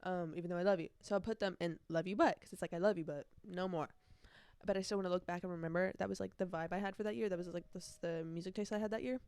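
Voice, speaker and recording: A woman's voice: lowish voice, fairly even intonation, fast, a little mellow, clean tone, no room sound. A young woman hosting her own casual podcast, rambling chattily and breaking into snatches of song. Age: young adult. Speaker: podcast host. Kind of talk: casual solo podcast chat. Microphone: earbuds.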